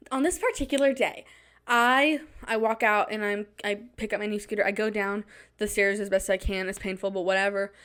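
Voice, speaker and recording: A young woman hosting a podcast, telling a self-mocking story in a casual, animated way with quick asides. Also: mid-range voice. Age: young adult. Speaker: podcast host.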